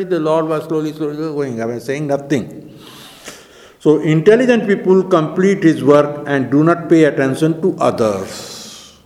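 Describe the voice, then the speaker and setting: A man leads a scripture class, reading out verses and breaking them down word by word at a medium pitch. His voice rings with a long hall reverb. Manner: reads Sanskrit verses then explains word by word. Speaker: scripture teacher.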